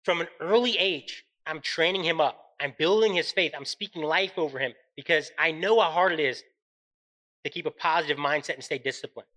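On his faith-based motivational podcast, a thirty-something host encourages listeners sincerely, often asking "right?". He talks briskly in a high, sharp-toned voice, and the recording quality is low.

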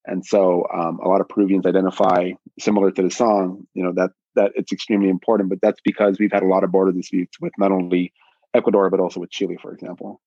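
A man talking as a podcast panelist in a halting way, with many restarts and fillers. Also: deep voice, flat delivery, mellow, no room sound. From Peru-rooted, American. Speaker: panelist, musician and educator. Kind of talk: casual podcast discussion. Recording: dull, dry lo-fi audio.

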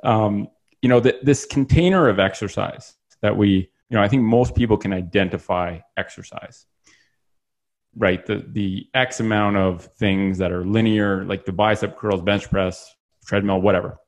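Casting: man with a low, gravelly voice, animated and chatty as a host. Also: moderate pace. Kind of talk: casual podcast conversation.

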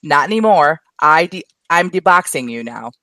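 A woman's voice: low-pitched, expressive, moderate pace, fairly bright tone, no room sound. A woman reading the lines of a touchy husband married thirty years, from her own short story. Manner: read aloud plainly from a story.

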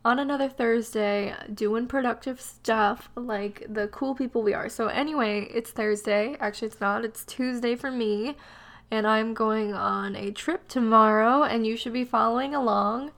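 A woman's voice: fairly high pitch, steady tone, moderate pace, a bit bright. A young woman hosting a podcast, chatting casually and joking at her own expense, her voice nasal and stuffed up from a cold. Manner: chatty and self-deprecating, laughs often. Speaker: podcast host. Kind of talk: casual solo podcast chat.

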